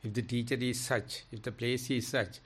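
In a dharma discussion, a male meditation teacher tells stories with animated emphasis, his pitch and volume rising and falling dramatically. He speaks at a normal pace with a slightly rough voice.

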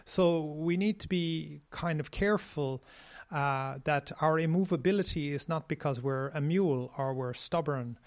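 A man reflects aloud in a dharma discussion, searching for words with frequent pauses and restarts. His voice sits a little higher than most men's, calm and thoughtful.

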